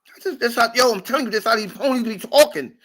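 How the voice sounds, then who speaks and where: Man, podcast host, high voice, bright and forceful, animated profane rant. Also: quick pace. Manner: profane, animated, repetitive ranting. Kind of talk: casual ranting chat.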